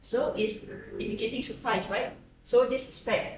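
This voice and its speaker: A woman's voice: a little high, moderate pace. A woman lecturer teaching a class, who keeps checking in with her students through frequent tag questions. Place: echoey classroom. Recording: very echoey classroom, distant mic, faint hiss.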